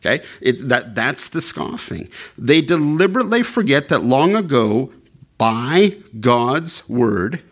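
Male preacher, mid-pitched, explanatory, digressive teaching sermon. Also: sing-song, a little slow. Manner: explanatory, digressive, frequent fillers and restarts. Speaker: pastor. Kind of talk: expository sermon.

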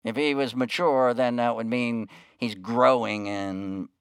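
A man preaching a sermon, telling a story that dips into hushed quoted lines and then rises with emphasis. His voice is smooth and resonant at a middle pitch. The sound is dry and close, with no room echo. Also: fairly even intonation, a little slow. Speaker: pastor.

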